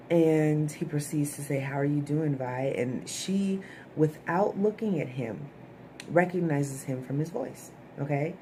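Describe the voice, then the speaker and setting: A woman's voice: deep voice, dark tone, a little hiss or hum. A woman giving a casual, chatty recap of a TV episode to her viewers, often checking in with "okay?" asides. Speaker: TV show reviewer.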